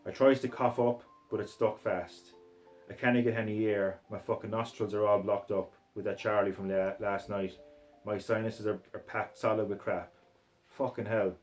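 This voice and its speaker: A man's voice: fairly low pitch, fairly even intonation, moderate pace, soft background music, rough recording. A man reading a crude novel aloud in a put-on Scottish accent, in a profane, aggressive first-person voice. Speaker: reader.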